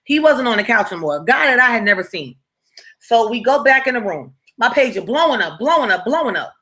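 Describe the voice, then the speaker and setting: A woman's voice: on the high side, very animated, fairly quick, pushed and bright. A young woman casually telling a personal story to her viewers, slangy and conversational, often checking that listeners follow.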